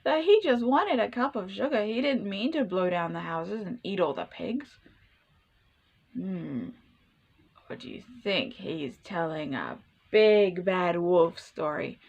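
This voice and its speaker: Woman, children's storytime reading, playful, unhurried, dull lo-fi recording. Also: medium pitch, gravelly. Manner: animated, playful, asks the listener questions. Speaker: storytime reader.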